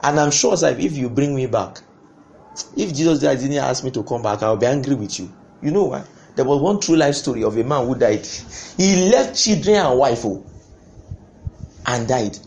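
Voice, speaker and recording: A man preaching a sermon, impassioned, breaking into sudden loud bursts. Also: medium pitch, lively intonation, normal speed, gravelly.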